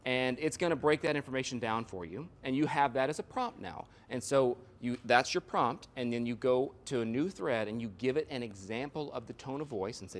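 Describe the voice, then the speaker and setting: A man's voice: medium pitch, brisk, hardly any pauses. A man presenting a live workshop, explaining ideas through examples and analogies and checking in with "right?" and "you know". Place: workshop room.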